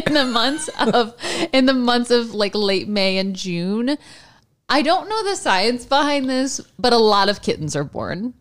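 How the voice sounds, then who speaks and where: Lively, laughing woman podcast co-host. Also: on the high side, measured pace. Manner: chatty, laughs often, lively. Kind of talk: casual chat.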